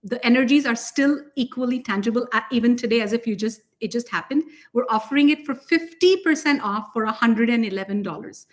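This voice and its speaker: A woman with a fairly high voice talks in an excited, gushing way, laughing often as she co-hosts a casual spiritual chat. Her energy runs high, and her voice sometimes drifts a little farther from the mic. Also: brisk, hardly any pauses. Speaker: spiritual teacher and co-host.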